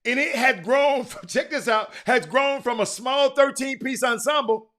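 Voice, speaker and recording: A man hosting a casual livestream talk show, rambling and excitable, with lots of fillers and restarts. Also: extremely high pitch, unhurried. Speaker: livestream host.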